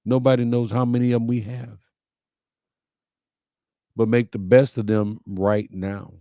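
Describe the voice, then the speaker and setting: A man's voice: medium pitch, level tone, a little slow, dark tone, no echo, clean studio sound. A middle-aged man, hosting a livestream, reading viewer comments and answering them in a folksy, heartfelt, preacherly way. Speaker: host of a live-streamed message show.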